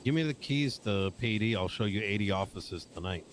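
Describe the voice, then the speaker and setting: A man's voice: fairly low pitch, lively intonation, fairly quick, slight background noise. A man playing a character in an online roleplay game, blunt, profane and confrontational in an argument.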